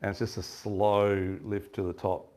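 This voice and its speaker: A man telling a lively fishing story at a live seminar, laughing and acting out what his mates said. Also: lowish voice, measured pace. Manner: chatty, laughing, acts out quoted lines. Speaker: fishing shop presenter.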